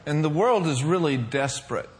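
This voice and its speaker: A man's voice: on the high side, expressive, moderate pace. A man preaching a sermon to a congregation, mixing fillers and call-and-response asides. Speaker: pastor.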